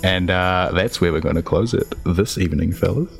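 A man's voice: low voice, moderate pace, gravelly, slightly rough, faint music behind. A man narrating as game master in a casual way, with fillers and laughs.

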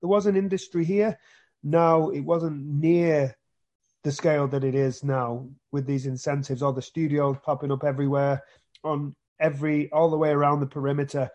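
The guest, a British man, chats casually about his acting career, stumbling into frequent restarts and repeated words. His voice is fairly high, level and a little mellow, at a moderate pace, and the recording's highs are cut off.

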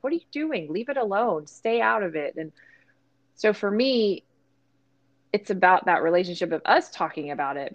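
A woman with a slightly low-pitched voice co-hosts a casual podcast. She thinks aloud as she goes, correcting herself and adding quick asides while she works through her view. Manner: thoughtful, self-searching, quick asides. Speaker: podcast co-host.

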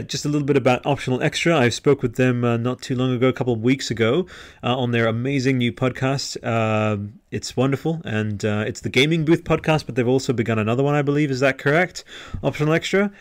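A man's voice: mid-range voice, steady tone, quick pace. An Australian man in his thirties hosting a live-stream podcast, chatting casually and reading viewer comments aloud with lots of fillers and restarts. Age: 30s. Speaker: podcast host. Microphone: headset-style home podcast mic.

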